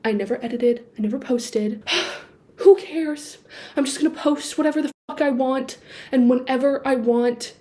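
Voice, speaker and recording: A woman's voice: sits high, moderate pace. A young woman vlogging at home into a built-in laptop mic, talking animatedly and bursting into snatches of song. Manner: animated, swings between quiet musing and bursts of excitement; sings snatches of songs between sentences. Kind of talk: casual sit-down chat to camera. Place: indoors at home, seated.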